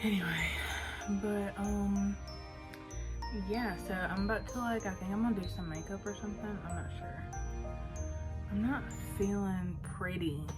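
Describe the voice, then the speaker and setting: A woman's voice: medium pitch, unhurried, music in the background. A young woman, chatting casually to the camera in a rambling way, full of fillers. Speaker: vlogger.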